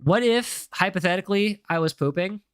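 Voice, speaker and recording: A man's voice: sits high, animated, brisk, fairly bright tone, clean tone, no echo, clean studio sound. Joking young male streamer with Spanish-American accent. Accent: mixed Spanish and American. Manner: joking, teasing viewers, reads chat aloud. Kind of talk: casual live-stream chat while playing.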